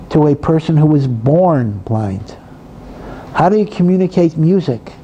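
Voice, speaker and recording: A man's voice: fairly high pitch, mellow, muffled recording, a little hiss or hum. A male rabbi giving a Torah lecture in a conversational way, full of asides and repeated phrases. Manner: conversational, many asides and repetitions.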